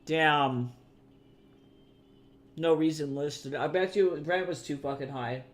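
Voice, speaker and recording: Man from the US, high voice, casual stream chat, swears a lot, keyboard clicks behind. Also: takes it slowly. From United States. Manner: chatty, swearing freely, reacting to chat. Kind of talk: casual livestream chat with viewers.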